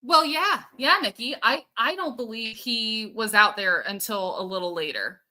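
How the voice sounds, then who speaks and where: A woman's voice: fairly high pitch, animated, normal speed, bright, forceful tone. A woman hosting a casual livestream, chatting and answering viewer comments while thinking aloud with plenty of fillers. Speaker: show host.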